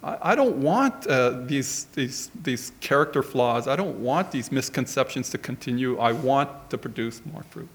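A middle-aged man, gravelly and a touch creaky at the ends of his phrases, preaching through a personal anecdote. He rambles in a conversational way, full of asides, at an ordinary pitch. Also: animated, moderate pace, hardly any pauses. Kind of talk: storytelling sermon.

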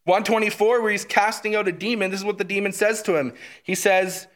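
A man leads a Bible teaching in a relaxed, conversational tone, with a voice sitting a little high for a man. He sounds eager and keeps checking in with his listeners as he walks through passages. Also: fairly quick, few pauses. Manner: enthusiastic, often checks in with "right?".

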